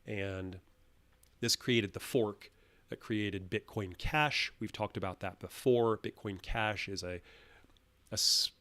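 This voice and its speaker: A man hosting his own channel, giving solo commentary in an animated, emphatic way, full of restarts. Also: on the low side, slow pace. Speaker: channel host.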